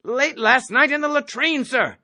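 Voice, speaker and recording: A man's voice: extremely high pitch, measured pace, pushed and bright, pitched above the performer's own voice, full character voice. A man voicing a nervous, earnest young male cadet who answers in anxious, over-precise politeness.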